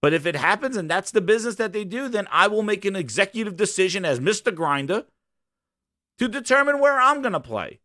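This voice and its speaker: Animated man ranting on a show. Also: high voice, fairly quick, no echo, studio quality. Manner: loud, ranting, profane, acts out bits. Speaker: host. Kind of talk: animated solo gaming commentary.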